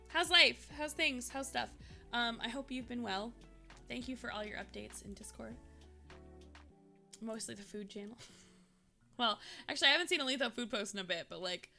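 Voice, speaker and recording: A woman's voice: fairly high pitch, sharp tone. A young woman from Minnesota chatting casually with her stream's live chat, rambling with lots of fillers.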